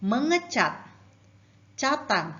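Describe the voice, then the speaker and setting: A woman from Indonesia, giving a recorded linguistics lecture in a measured way, reading out example words one by one. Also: sits high, big pitch swings, fairly bright tone. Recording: dull lo-fi recording.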